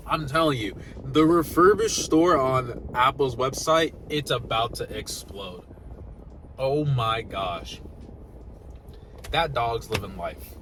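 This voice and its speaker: A young man vlogging casually about new laptops, swinging between loud excitement and mumbled asides. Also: medium pitch, takes it slowly, a little hiss or hum. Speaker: tech YouTuber.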